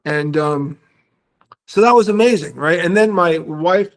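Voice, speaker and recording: A man, telling animated stories as a podcast guest, acting out voices and swearing freely. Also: a little high, a little slow. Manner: animated storyteller, acts out quotes, swears freely. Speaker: guest musician. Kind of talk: casual storytelling interview.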